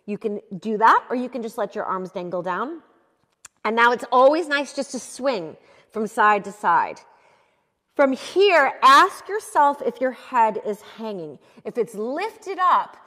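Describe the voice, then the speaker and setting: A woman's voice: a little high, fairly bright tone. Upbeat woman teaching yoga in a reverberant room. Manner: upbeat, encouraging, chatty. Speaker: yoga instructor. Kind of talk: guided yoga class instruction. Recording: long hall reverb.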